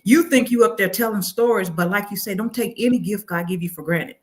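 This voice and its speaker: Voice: medium pitch, brisk. A host chatting casually with a guest, affirming him with a preacher-like turn of phrase. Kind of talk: casual interview chat.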